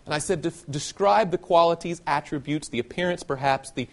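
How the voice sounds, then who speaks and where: A man from the southern United States giving an animated sermon-style talk to young people and asking many rhetorical questions. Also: on the high side, brisk, creaky. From Southern United States (Nashville, Tennessee). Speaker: youth speaker.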